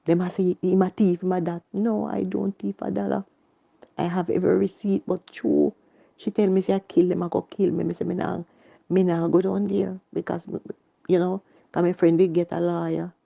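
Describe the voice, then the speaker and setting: A woman's voice: lowish voice, flat delivery, moderate pace, gravelly, dark tone, lo-fi sound. A woman with a Jamaican accent telling her personal story in earnest, repetitive Patois. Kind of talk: emotional personal testimony.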